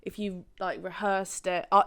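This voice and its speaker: Chatty young woman, smooth voice. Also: mid-range voice, flat delivery, moderate pace, fairly bright tone, no echo, studio quality. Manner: chatty, swears casually, laughs often. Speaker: podcast co-host. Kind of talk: casual chat.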